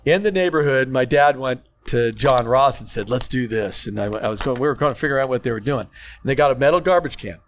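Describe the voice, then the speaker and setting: Older man telling stories with animated energy. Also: medium pitch, fairly quick, slight background noise. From California. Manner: animated, laughing storyteller. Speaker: podcast co-host. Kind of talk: casual storytelling chat.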